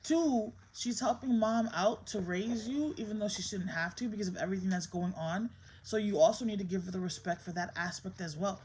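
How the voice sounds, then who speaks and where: A woman's voice: medium pitch, fairly quick, a little mellow, a little hiss or hum, poor audio. A woman in her thirties recording a candid vlog, venting about her troubles and firmly scolding her child. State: emotionally strained. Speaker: mother and vlogger. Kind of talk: candid vlog talk to camera.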